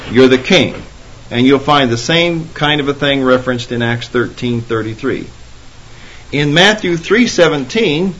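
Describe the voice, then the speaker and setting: A man's voice: mid-range voice, a bit bright. Male preacher, emphatic sermon delivery, dull lo-fi tape with faint hiss. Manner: emphatic, rises when quoting Scripture.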